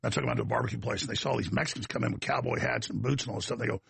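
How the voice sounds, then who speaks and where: A man's voice: medium pitch, fairly even intonation, rapid-fire, vocal fry, fairly bright tone, breathy edge, dry recording. A middle-aged man with a Texan accent talking in a casual, rambling monologue, drifting into folksy asides and side stories. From Texas. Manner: digressive storyteller, folksy asides.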